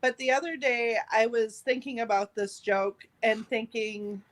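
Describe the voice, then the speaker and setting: Upbeat, slightly high-voiced woman comic. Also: steady tone, a little slow. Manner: upbeat, chatty, casual swearing. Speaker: stand-up comic. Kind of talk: casual comedy workshop chat.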